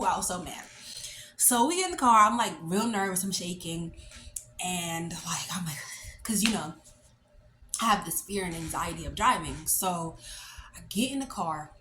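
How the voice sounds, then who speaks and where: A woman in her late twenties telling a story in a casual, animated, chatty way, full of fillers. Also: fairly low pitch, normal speed, pauses often, a little hiss or hum. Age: late 20s. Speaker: vlogger. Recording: echoey room with faint ambience.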